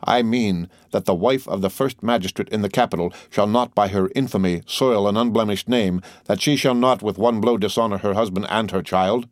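Guy doing a cold severe magistrate, low voice, measured and commanding, dry close mic. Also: dry recording, lightly acted. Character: stern, unforgiving male magistrate, cold and severe. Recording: dry close audiobook recording.

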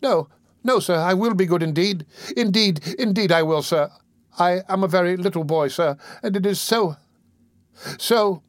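A man's voice: sits high, normal speed, no echo, studio quality, pitched above the performer's own voice, close to an everyday voice. A man voicing a frightened little workhouse boy who pleads in a tremulous, sobbing voice. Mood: sobbing, pleading.

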